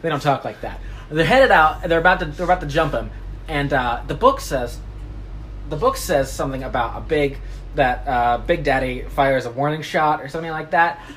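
On a podcast, a woman co-host recaps a novel in casual chat and playful storytelling, animated and jokey, putting on voices for the characters. Her voice sits low and moves at a moderate pace, with slight background noise.

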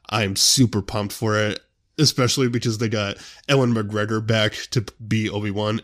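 A man's voice: lowish voice, a bit bright. A young man hosting his own show, chatting casually and rambling a lot. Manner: rambling, full of "you know" fillers. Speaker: show host. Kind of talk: casual solo chat.

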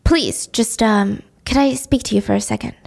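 A polite, nervous man who asks his questions hesitantly and formally , as a woman narrator plays him. The voice stays fairly high, close to the narrator's own. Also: normal speed, creaky, darkish tone.

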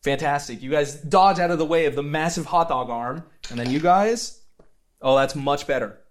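A man's voice: on the high side, moderate pace. A man running a tabletop game as game master, narrating with playful, vivid descriptions and frequent laughter.

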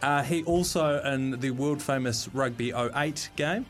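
Measured New radio panelist. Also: male voice, mid-range voice. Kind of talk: casual sports radio banter.

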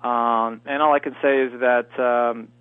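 Heard on a dry, tinny phone connection with no room sound, this Canadian man from near Montreal, a native French speaker, has a smooth mid-range voice with little pitch movement. He's a guest actor chatting casually and at a measured pace in an interview, restarting often and using many fillers.

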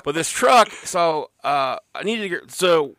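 A man's voice: on the high side, big pitch swings, a little slow, fairly bright tone, no echo, clean studio sound. A man co-hosting a podcast, telling a rambling story in a laid-back, casual way with lots of fillers. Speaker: podcast co-host. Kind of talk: casual chat.

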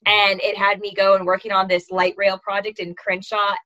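A woman's voice: mid-range voice, little pitch movement, normal speed, sharp tone. Woman author from California, a guest who rambles and hunts for words, a bit dull and lo-fi. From La Jolla, California. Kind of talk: casual interview chat.

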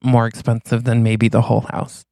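A man co-hosting a podcast, building an improvised comedic story in a playful, deadpan way. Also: medium pitch, normal speed, gravelly, dry recording, clean studio sound. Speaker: podcast co-host. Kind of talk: casual comedic improv chat.

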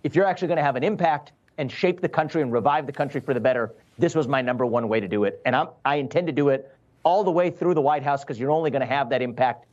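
Fast, emphatic man in his thirties. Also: mid-range voice, darkish tone, dull audio. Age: 30s. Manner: fast, emphatic, assertive campaign talk. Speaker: presidential candidate guest. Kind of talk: remote TV news interview.

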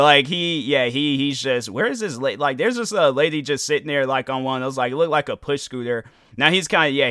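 A man hosts his own podcast in loose, casual talk, rambling along and slipping into quick acted-out quotes. His voice is bright and crisp. The sound is dry and close to the mic. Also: medium pitch, no echo. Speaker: podcast host. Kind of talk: casual solo commentary.

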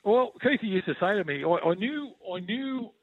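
An Australian man in his sixties rambles through his stories on sports radio, looping back on his words and calling everyone mate. His voice sits a touch high for a man. It comes down a thin, tinny phone line with no room sound. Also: lively intonation, normal speed, dry recording. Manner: rambling, warm storytelling full of restarts and "mate". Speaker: former player and regular pundit. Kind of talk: casual sports radio chat.

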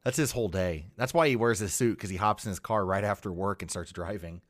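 A man's voice: lowish voice, fast, dry recording, studio quality. Wry man in casual chat. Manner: wry, mocking, laughs often.

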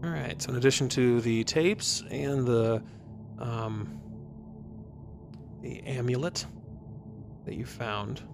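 A man's voice: mid-range voice, fairly even intonation, takes it slowly, vocal fry, pauses often. A man narrating as game master of a tabletop game in a casual, swearing way. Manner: casual, swearing, restarts sentences. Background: background music.

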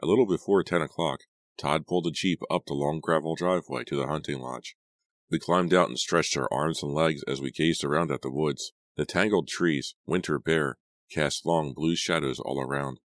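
Man narrating an audiobook, super deep voice, dead dry close mic. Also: normal speed, no echo. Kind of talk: scripted narration.

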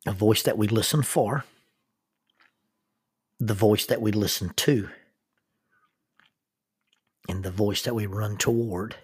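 Soft-spoken, husky-voiced man. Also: fairly low pitch. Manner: slow, soft-spoken storytelling with laughs; quiet, intimate delivery, dropping to near whisper. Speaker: podcast host. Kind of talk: reflective devotional podcast talk.

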